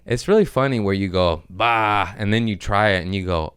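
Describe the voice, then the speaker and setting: Here a podcast host spins comedic yarns casually, cursing freely and slipping into animated character voices as he rambles. He speaks on the low side, unhurried and with frequent pauses, his smooth voice captured in clean, echo-free studio sound.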